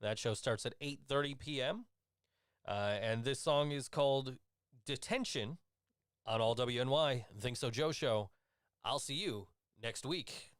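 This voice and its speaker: A man's voice: mid-range voice, a little slow, fairly bright tone, smooth, dry recording, studio quality. A man hosting a casual radio show, easygoing and hesitant, with many fillers. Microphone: studio mic.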